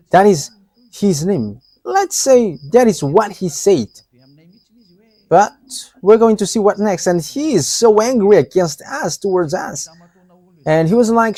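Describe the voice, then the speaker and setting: Lively high-voiced man teaching. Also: a little slow, dry recording. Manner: hesitant, many fillers and restarts, laughs often. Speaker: religious teacher. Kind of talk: live religious teaching.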